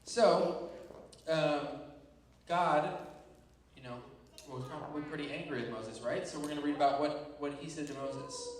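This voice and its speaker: A man leads a playful kids' Bible lesson, his higher voice animated as he keeps checking in with the room. He sounds far from the mic, with heavy echo all around. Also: a little slow, long pauses, noisy background. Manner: animated, playful storytelling with frequent check-ins. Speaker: Bible teacher.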